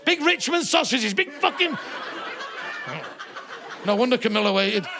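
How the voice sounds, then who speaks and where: High, lively comic on stage. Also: male voice, unhurried, background noise. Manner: sweary, animated, mocking. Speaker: stand-up comedian. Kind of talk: live stand-up comedy. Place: theatre stage before a live audience.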